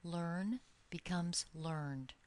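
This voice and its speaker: A woman teaching English grammar in a recorded lesson, speaking slowly and deliberately and drawing out each example word. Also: fairly low pitch, darkish tone.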